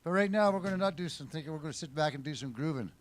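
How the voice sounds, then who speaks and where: A man's voice: fairly high pitch, expressive, rapid-fire. A man hosting a casual live music show at a venue, talking in a chatty, rambling, upbeat way. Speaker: show host.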